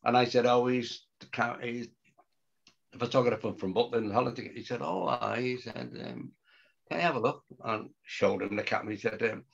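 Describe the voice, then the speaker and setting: Gravelly and mid-range, this older man's voice moves at a normal pace as he tells a story as a guest in an informal interview. He acts out what people said with animation and frequent laughter, heard through muffled, lo-fi sound.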